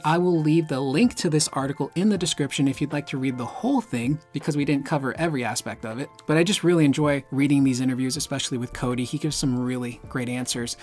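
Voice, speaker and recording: A man with a slightly raised voice gives lively, casual commentary into a close desk microphone. A soft lo-fi hip hop track plays quietly beneath him. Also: fairly high pitch. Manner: animated, talks with his hands. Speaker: gaming news YouTuber. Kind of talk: casual commentary reading an article. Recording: home mic with faint lo-fi music bed. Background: faint lo-fi hip hop music.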